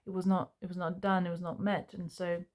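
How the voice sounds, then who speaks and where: This is a young woman, her voice sitting a little low. She talks to camera in an earnest, searching way. Her sentences stop and restart, with plenty of fillers along the way. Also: level tone, fairly quick, a little mellow. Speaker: self-help vlogger. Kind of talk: reflective personal talk to camera.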